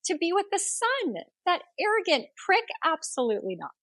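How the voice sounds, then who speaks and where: The moon's stern, scolding family from a spoken myth, indignant and quick to forbid, as a woman storyteller acts them out. The pitch climbs sharply when they protest. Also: lively intonation, a bit bright, dry recording. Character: stern disapproving village family.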